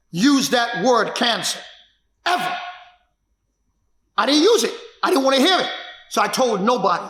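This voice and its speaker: Martial arts teacher guy telling his story, punchy and repetitive, bright sharp voice, roomy echo. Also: very high-pitched. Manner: emphatic, repetitive, builds to shouts. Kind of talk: personal storytelling. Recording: echoey room.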